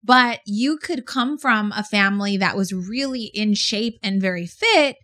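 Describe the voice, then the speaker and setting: A woman's voice: medium pitch, expressive, measured pace, pushed and bright. A woman co-hosting a casual podcast, telling stories frankly and with animation, swearing now and then. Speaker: podcast co-host. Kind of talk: casual chat.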